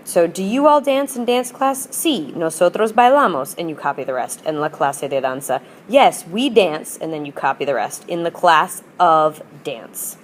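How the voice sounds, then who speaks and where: A woman teacher explains grammar with patient, upbeat energy and models example phrases. Her voice sits a little low. A faint hiss runs under the recording. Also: animated, normal speed, hardly any pauses. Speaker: Spanish teacher. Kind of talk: recorded classroom lesson.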